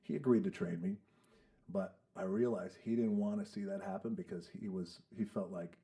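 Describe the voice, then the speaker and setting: A man's voice: deep voice, fairly even intonation, moderate pace, warm tone. A man in his fifties, a podcast guest telling stories in a casual, profane way and acting out the voices of people he quotes. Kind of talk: casual storytelling chat. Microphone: studio podcast mic.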